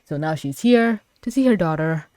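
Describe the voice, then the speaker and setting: Lower-voiced woman reviewer, excitable rambler with mock outrage, dry close-miked sound. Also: moderate pace, no echo. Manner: excitable, rambling, swings between loud outbursts and muttering; dramatic mock-outraged asides. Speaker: video reviewer. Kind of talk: casual reaction commentary.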